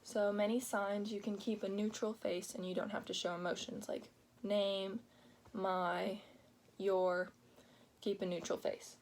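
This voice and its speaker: A young woman walks through her class project in a slow, easy delivery, leaning on "like" and pausing as she explains. The recording has a faint noise underneath. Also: mid-range voice, little pitch movement, darkish tone. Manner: explains plainly, with pauses and filler "like". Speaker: student presenting a project. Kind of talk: informal class presentation.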